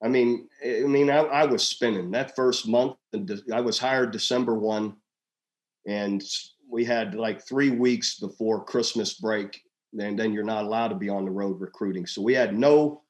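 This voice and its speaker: Relaxed older man telling coaching stories. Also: mid-range voice. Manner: animated storyteller, acts out quoted dialogue in a raised voice. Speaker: former head coach, podcast guest. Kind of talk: casual storytelling interview.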